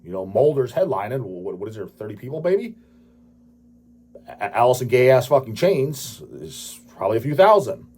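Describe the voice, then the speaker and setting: A man's voice: mid-range voice, very animated, brisk, few pauses, a little mellow, slightly rough. A man in his late thirties hosting his own channel, answering viewer questions in a crude, profane, dismissive rant. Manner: crude, swearing, dismissive ranting. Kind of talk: profane ranting casual talk.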